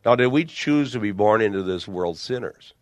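Older man explaining scripture, emphatic and lowish. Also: animated, moderate pace, dry recording. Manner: emphatic, builds arguments with illustrations. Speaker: Bible teacher. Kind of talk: theological discussion.

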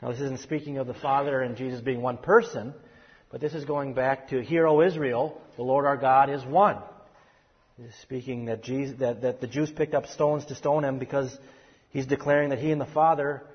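A man's voice: medium pitch, breathy edge. A man teaching a Bible study, explaining scripture earnestly with many restarts and emphatic stresses. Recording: dull lo-fi audio with long hall reverb.

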